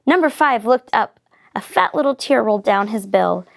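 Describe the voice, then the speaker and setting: A woman reads a children's picture book aloud, telling the story expressively and with energy. Her fairly high voice has a gravelly edge, and she reads at a moderate pace.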